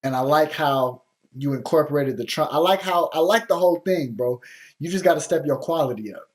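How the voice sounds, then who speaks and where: A man's voice: on the high side, expressive, a little fast. A man hosting a show where he gives beat feedback, talking bluntly and casually with lots of slang and swearing while still encouraging the producer. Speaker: music producer host giving feedback on beats.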